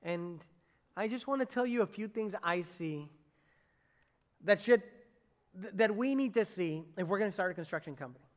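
A man preaching a sermon as pastor, in a lively, conversational way, with many fillers and asides to the congregation. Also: sits high, normal speed, long pauses. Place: church sanctuary on a stage. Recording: church hall with long reverb.

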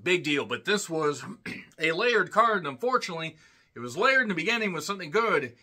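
A man giving a casual solo wrestling review, sarcastic and irreverent, who often clears his throat and breaks into loud bursts. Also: a little high, big pitch swings, a little fast.

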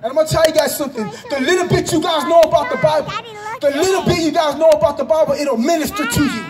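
A man giving an impassioned religious testimony outdoors in a park, often breaking into shouts and repeating himself for emphasis. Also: very high-pitched, fast talker, a crowd in the background.

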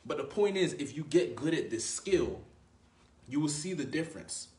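A man's voice: fairly high pitch, lively intonation, moderate pace, warm tone, distant mic. A man talking as a dating coach in a casual advice monologue, conversational and slangy, often tagging his points with "right?". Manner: conversational, frequent "right?" tag questions; slangy, addresses viewer as bro. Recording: roomy, voice away from mic.

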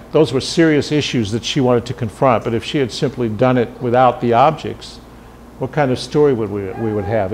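A man in his fifties giving a seminar lecture at a medium pitch. He talks in a thoughtful way, pausing on fillers and restarting his phrases. Faint noise sits under the voice in a seminar room. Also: a little mellow. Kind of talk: classroom lecture.

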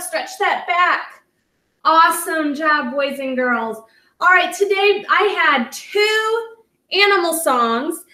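A woman's voice: high voice, sharp tone. A woman teacher leading children through stretches and animal movements, upbeat and full of praise. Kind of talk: guiding kids through stretches and animal moves. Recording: echoey room with music behind.

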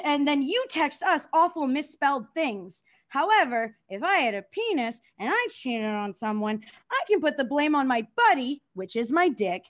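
A young woman doing a crude stand-up comedy set, self-deprecating, laughing at her own jokes and talking to the crowd. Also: high voice.

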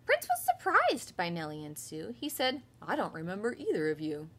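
A woman in her thirties, a kindergarten teacher, reading a picture book aloud to children with lively voiced storytelling, then leading a home class. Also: mid-range voice, normal speed, husky.

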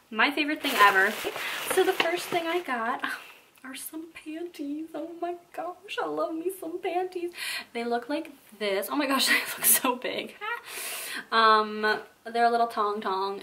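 A woman's voice: on the high side, background noise. A young woman beauty vlogger chatting bubbly and gushing, full of fillers, in a casual haul video.

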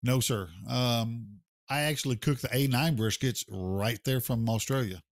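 A man's voice: mid-range voice, unhurried, no room sound. An American man speaks as a guest on a podcast, folksy and plainspoken. His voice sits in a middle register, recorded close and dry. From United States. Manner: folksy, plainspoken, says sir. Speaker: guest, barbecue pitmaster. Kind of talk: casual interview chat.

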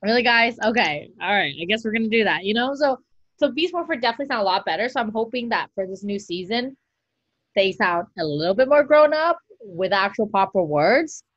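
Woman, podcast co-host, casual chat, animated exasperation, expressive pitch. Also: brisk, no room sound, highs cut off.

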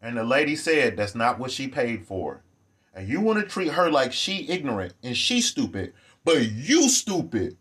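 A man giving ranting vlog commentary, animated, profane and sarcastic. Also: medium pitch, normal speed.

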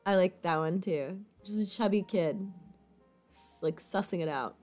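A woman's voice: fairly low pitch, unhurried, a little mellow, soft background music. A woman streamer chatting casually with viewers, rambling with lots of "like" and casual swearing. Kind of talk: casual chat.

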